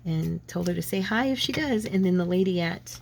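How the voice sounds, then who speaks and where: A woman's voice: fairly low pitch, lively intonation, normal speed, gravelly, darkish tone, slight background noise. A woman with a lingering head cold, chatting casually and rambling as she works on a craft project. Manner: chatty, rambling, self-deprecating. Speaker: craft channel host.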